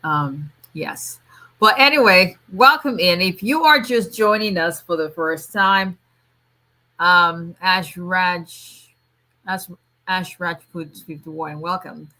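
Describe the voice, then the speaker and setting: A middle-aged woman hosts a casual livestream, greeting viewers warmly by name and chatting with frequent restarts and fillers. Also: on the low side, slow. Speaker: immigration attorney hosting a livestream.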